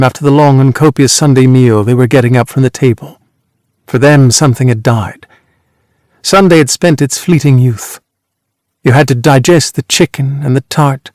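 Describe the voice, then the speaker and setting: A man narrating a literary novel in a measured, even reading voice. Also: medium pitch, no echo, studio quality. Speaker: audiobook narrator.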